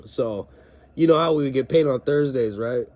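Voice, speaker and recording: A man's voice: mid-range voice, normal speed, a little mellow. A man hosting a podcast, chatting casually and profanely with a friend. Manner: profane, laughing, playful. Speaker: podcast host. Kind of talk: casual chat.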